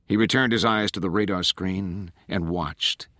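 A man narrating an audiobook in a measured, steady way. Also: low-pitched, no echo, clean studio sound. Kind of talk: scripted narration.

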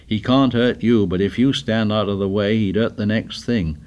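A man's voice: fairly low pitch, moderate pace, darkish tone, clear, resonant tone, dull audio, close to an everyday voice. A man reading the part of an anxious, fussy schoolboy who pleads earnestly. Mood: pleading.

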